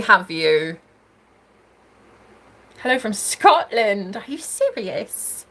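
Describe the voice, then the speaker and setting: On a casual livestream, a young woman from the United States reads comments and chats with viewers, bubbly, giggly and teasing, shifting between loud squeals and murmurs. Her voice is on the high side with big pitch swings, and she talks slowly with long pauses.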